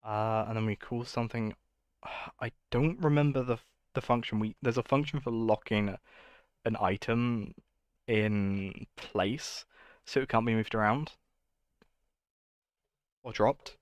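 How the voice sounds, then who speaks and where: A man's voice: lowish voice, fairly even intonation, slow, pauses often, smooth, no echo. A man streaming himself coding, thinking aloud in a casual, muttering way and correcting himself as he goes.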